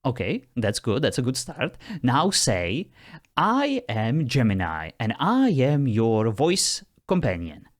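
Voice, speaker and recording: A man's voice: mid-range voice, huge pitch swings, slow. A man hosting a test of a phone voice assistant, teasing it, getting exasperated and laughing often. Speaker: host testing a phone voice assistant. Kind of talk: casual talk with an AI.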